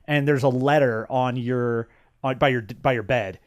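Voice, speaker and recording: A man's voice: medium pitch, fairly even intonation, normal speed, no room sound, highs cut off. A middle-aged man co-hosting a podcast, chatting casually about video games, rambling with lots of restarts and fillers. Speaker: podcast co-host.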